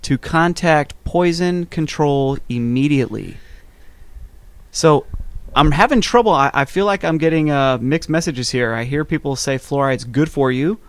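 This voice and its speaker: A man co-hosting a casual podcast, talking in deadpan sarcasm and pausing on many fillers. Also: fairly high pitch, no echo. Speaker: podcast co-host. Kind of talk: casual round-table chat.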